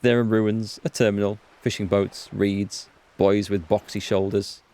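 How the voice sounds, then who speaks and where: A man reading the lines of a calm, thoughtful older woman in a game, using a slightly raised voice that stays close to his own. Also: on the low side, unhurried.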